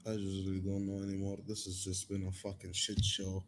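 A low-pitched man vents in character, frustrated and halting and cursing freely. His words stop and restart as he searches for them. A faint hum of noise sits behind him. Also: completely flat delivery. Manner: frustrated, halting, heavy swearing. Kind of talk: in-character group argument.

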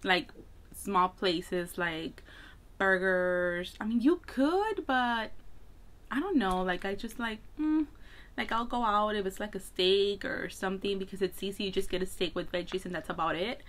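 A woman's voice: medium pitch, animated, a little slow, fairly bright tone. A woman makeup vlogger chatting casually while getting ready, rambling with lots of filler words. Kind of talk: casual get-ready-with-me chat.

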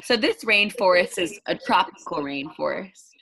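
A woman's voice: on the low side, lively intonation, moderate pace, a bit bright, slightly rough, poor audio. A woman teaching an online English lesson to a child, explaining patiently and encouraging.

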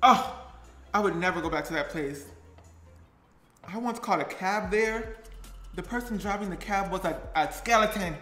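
A man's voice: high-pitched, moderate pace, pauses often, bright, forceful tone. A man playing a tired, chatty young woman baker on a live stream, giggling and reading viewer comments aloud. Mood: perky. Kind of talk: character live stream comedy. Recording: roomy echo, faint music.

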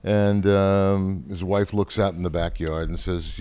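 A man's voice: deep voice, steady tone, measured pace, warm tone, clean tone. Older man telling a rambling joke. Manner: rambling, with many fillers. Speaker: family member guest.

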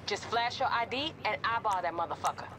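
An actress playing a calm, confident female heist planner who talks street slang. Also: mid-range voice, fairly quick, noisy background, natural voice.

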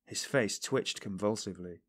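Low-voiced male audiobook narrator. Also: moderate pace, a bit bright. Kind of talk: scripted narration.

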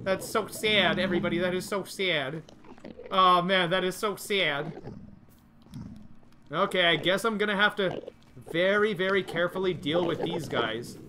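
A man streaming a game live, nervously and excitedly talking to his chat as he plays. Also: sits high, normal speed, long pauses, background noise. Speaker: gaming livestreamer. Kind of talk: live gameplay commentary.

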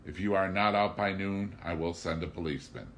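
A man's voice: low voice, brisk, a bit bright, slight background noise. A man voicing a scheming, cruel businessman who sneers and later screams in outrage. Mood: smug, mocking. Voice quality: oily, mocking, then screaming in rage.

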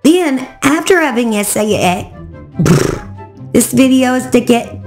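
A woman, hoarse and cracking, chatting to viewers as she tells a true crime story. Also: high voice, expressive, measured pace, a little mellow, faint music behind. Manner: chatty, talks straight to viewers.

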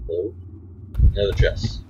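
A man's voice: normal speed, muffled recording, noisy background. A young man hosting his own gaming channel, giving jumpy, frightened commentary on a horror game and muttering to himself.

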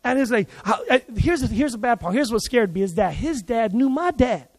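Man, pastor, animated sermon storytelling, very high voice, long echo of a hall. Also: a little fast. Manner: animated, acts out quoted voices. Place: church service.

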